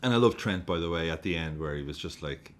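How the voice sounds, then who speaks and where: A man reviewing a football match, excitable and sweary, often breaking into laughter as he gushes. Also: low-pitched, fast talker. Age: adult with a young daughter. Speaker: football fan vlogger.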